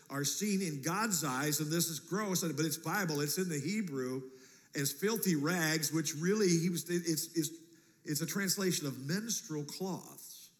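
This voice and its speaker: A man preaching a sermon as pastor, animated and jokey, acting out quotes in a church. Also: high-pitched. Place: church sanctuary. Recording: long church reverb.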